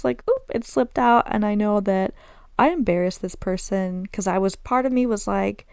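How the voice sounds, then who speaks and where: Chatty Southern woman with a gravelly voice. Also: medium pitch, moderate pace, a little mellow, no room sound. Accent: Southern American. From American South. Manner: chatty, candid, self-deprecating, sprinkles Arabic phrases. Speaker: podcast host. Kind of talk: casual solo podcast storytelling.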